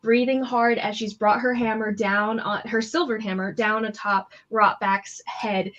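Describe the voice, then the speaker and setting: A woman's voice: mid-range voice, little pitch movement, unhurried, fairly bright tone. A woman narrating as game master in loose, chatty talk full of fillers. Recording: slightly muffled lo-fi mic.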